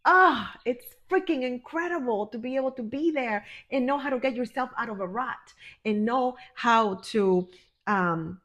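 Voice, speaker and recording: A woman's voice: fairly high pitch, fairly bright tone. Effusive motivational woman healer. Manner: effusive, emphatic, calls the viewer honey and my friend. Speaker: healer and life coach. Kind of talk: motivational direct-to-camera talk.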